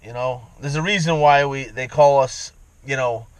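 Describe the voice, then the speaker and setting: A man's voice: mid-range voice, normal speed, smooth, dry recording, low-quality recording. A man ranting in a profane, rambling vlog monologue from inside his vehicle, repeating himself as he goes. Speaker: vlogger.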